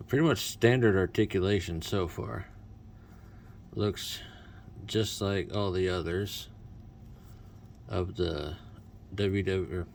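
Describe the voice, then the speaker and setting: A man's voice: low-pitched, vocal fry, slight background noise. A man doing casual unboxing commentary as a toy reviewer, with wry, self-mocking asides.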